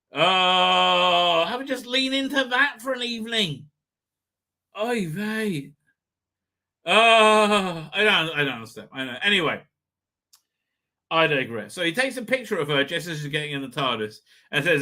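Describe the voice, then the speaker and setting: A man talks through a TV episode in a loose, digressive review, his voice sharp and bright and pitched a little high. He swears freely and keeps breaking into exasperated outbursts before dropping back to casual chat. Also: animated, moderate pace. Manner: profane, digressive, exasperated rants with sudden shouts. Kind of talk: rambling off-the-cuff review monologue.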